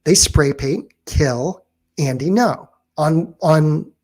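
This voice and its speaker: A man's voice: fairly high pitch, a little mellow. A man delivering an off-the-cuff commentary, pressing his points in an argumentative, defensive way. He often stalls on fillers and restarts his sentences, then pushes on to challenge his critics. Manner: argumentative, with frequent pauses and restarts. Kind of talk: unscripted opinion monologue.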